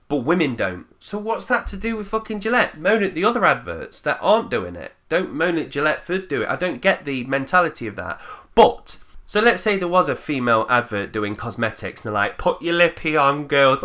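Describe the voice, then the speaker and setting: A channel host rants straight to camera, blunt and full of swearing as he pushes his opinions. His voice is bright and forceful, and his pitch leaps around a lot as he mocks other people's views.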